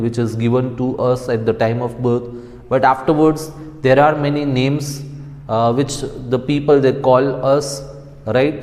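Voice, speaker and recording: A man's voice: mid-range voice, a little mellow. Male teacher, explanatory lesson delivery, long-reverb recording. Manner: explains slowly, checks with "right?". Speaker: school English teacher. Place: school.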